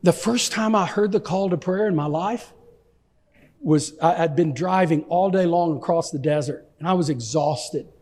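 A man from Texas, a pastor telling an animated, self-deprecating story with stammering restarts. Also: a little high, normal speed, in a large hall. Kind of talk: anecdotal storytelling in an interview.

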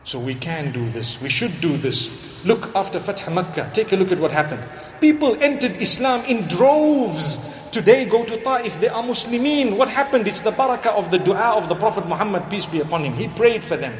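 A man's voice: sits high, animated, normal speed, slight background noise. A man preaching a sermon to a live audience, telling stories and weaving in Arabic quotations and prayers. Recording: echoey hall with faint ambience.

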